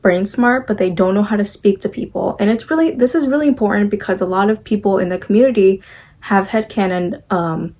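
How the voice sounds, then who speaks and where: A woman's voice: medium pitch, a little mellow, poor audio. Chatty young woman recapping a movie. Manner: chatty, gushing, acts out the characters' lines.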